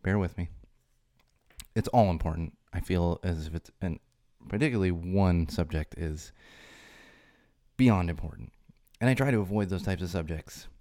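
A man's voice: low-pitched, normal speed, dark tone, no echo, studio quality. A man hosting a solo podcast, talking in a rambling way with restarts and fillers, and getting more emphatic when he stresses a point. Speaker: podcast host.

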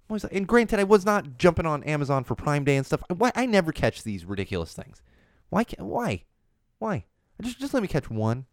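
Animated man riffing on tech news. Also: on the high side, no echo, studio quality. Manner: animated, riffing, rambling asides. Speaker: podcast host. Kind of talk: casual news chat.

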